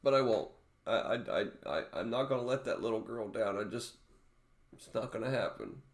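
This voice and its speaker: A man speaking in an emotional personal vlog, halting and close to tears, often restarting his sentences. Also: fairly low pitch, lively intonation, roomy sound. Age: adult father. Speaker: vlogger.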